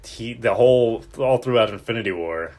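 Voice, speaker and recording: A man's voice: medium pitch, moderate pace, darkish tone. A young man co-hosting a casual podcast, telling stories emphatically and acting out his own reactions. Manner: emphatic storyteller, swears, acts out his reactions. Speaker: podcast co-host. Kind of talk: casual chat. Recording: faint background noise.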